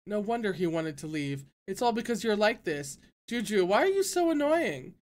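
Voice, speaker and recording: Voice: medium pitch, lively intonation, a little fast, a little mellow, pitched above the performer's own voice, close to an everyday voice. A reader voicing a brash, whiny teenage boy in an audiobook, petulant and insistent. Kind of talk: audiobook character reading.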